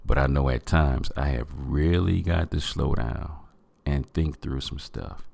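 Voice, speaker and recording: A man's voice: very deep voice, measured pace, gravelly, a little mellow, breathy edge, dry recording. A man hosting a podcast, giving an earnest motivational talk and calling his listeners family. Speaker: podcast host.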